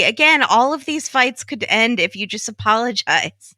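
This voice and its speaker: A woman guesting on a podcast, chatting casually with quick jokey asides. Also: on the high side, lively intonation, pushed and bright, no room sound, studio quality. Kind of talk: casual chat about a reality show.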